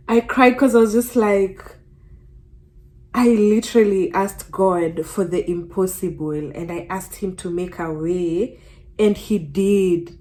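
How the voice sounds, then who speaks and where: A young woman and student vlogger, telling an earnest, animated story in casual chat while getting ready. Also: medium pitch, slow pace. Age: young adult.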